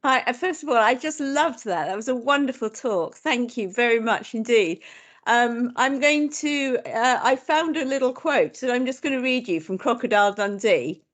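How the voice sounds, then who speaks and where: A woman's voice: fairly high pitch, expressive, normal speed. A woman asking an enthusiastic, chatty question at an online seminar.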